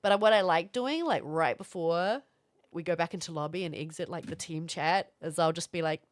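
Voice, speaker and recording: A young woman from Florida, streaming and chatting casually with viewers, animated and swearing now and then. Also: fairly low pitch, normal speed. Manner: animated, swearing, reads out chat. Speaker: livestreamer.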